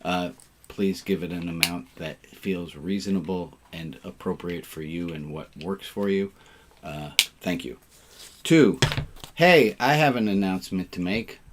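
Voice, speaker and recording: A man's voice: sits low, unhurried, noisy background. A man leading an online service as rabbi, casual and playful, fond of puns, on a video call.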